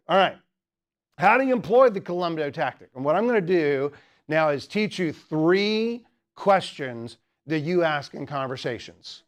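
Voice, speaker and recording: Joking man with a higher voice. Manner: joking, teasing the audience, chatty with many fillers. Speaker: teacher giving a talk. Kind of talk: humorous lecture to a student club.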